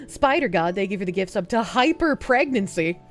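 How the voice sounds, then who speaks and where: A woman's voice: on the high side, very animated, normal speed, soft background music. A woman livestreamer chatting casually and reading viewer messages aloud with frequent thanks, feeling sick with nausea and hiccups, often laughing.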